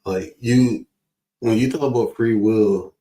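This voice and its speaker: A low, dark-toned man talks in an easy, musing way on a livestream panel. His phrases drift and fade softly at the ends. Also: slow pace, rough recording. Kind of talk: casual livestream chat.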